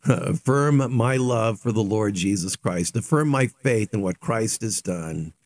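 A male pastor giving a short devotional sermon in a conversational, animated way, dropping low and quiet when voicing repentance. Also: unhurried.

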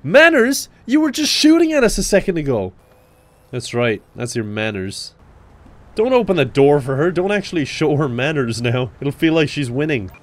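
A young man giving comedic gameplay commentary, swinging from dry asides to sudden high-pitched yelps. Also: moderate pace, a little hiss or hum. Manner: excitable, jumps into high yelps. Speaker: gaming YouTuber.

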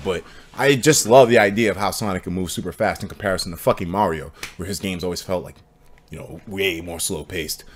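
A man streaming a game, chatting casually and profanely with his viewers. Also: lowish voice. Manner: animated and profane, joking with chat. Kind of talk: casual live-stream chat.

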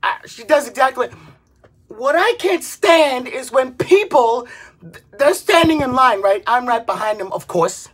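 A woman in her twenties, a vlogger, delivering an exasperated comedic rant, swearing and bursting into shouts. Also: high voice, lively intonation, measured pace, slightly rough. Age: 20s.

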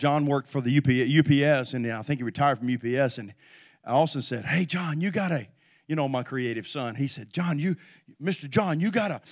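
High-voiced preaching pastor, man. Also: dry recording, studio quality. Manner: builds from calm storytelling to shouted exhortation, call-and-response. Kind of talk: sermon.

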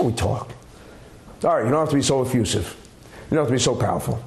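Emphatic rabbi with a lively pitch. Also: male voice, fast talker. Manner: emphatic, acts out quotes in a high voice. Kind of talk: Torah lecture. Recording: echoey room with faint background noise.

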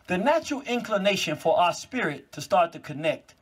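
A man with a slightly high, husky voice speaks to a live audience. He lectures in an animated way, telling stories and dropping mocking asides. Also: brisk. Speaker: public speaker. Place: cultural venue before a live audience.

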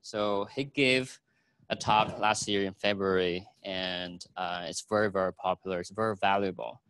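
A man hosting an event, introducing the guest speaker in a halting way. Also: deep voice, steady tone, fairly bright tone, slight background noise, poor audio. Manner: halting, many fillers and restarts. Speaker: event host.

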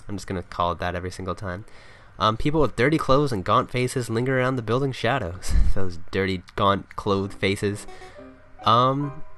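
A young man chats his way through a game, reading lines aloud and cracking jokes. His pitch sits in a middle range, and he laughs often. Quiet game music runs underneath. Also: moderate pace. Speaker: let's play commentator. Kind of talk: casual gameplay commentary.

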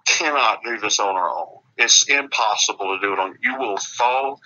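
A man with a low voice and a forceful, tense edge talks earnestly about his work, often breaking off and restarting his sentences. The audio is dull and lo-fi, like a radio broadcast. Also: normal speed. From Alabama. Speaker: author being interviewed. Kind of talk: casual radio interview.

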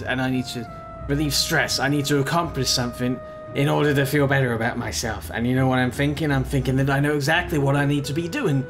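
Sarcastic gaming host. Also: male voice, fairly high pitch. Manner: sarcastic, mock-exasperated. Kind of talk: game commentary.

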